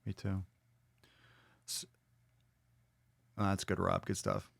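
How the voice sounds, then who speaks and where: A man's voice: low voice, animated, takes it slowly, creaky, no room sound. A man hosting a podcast, chatting casually and bluntly, swearing freely as he reads viewer comments aloud and reacts to them. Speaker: podcast host.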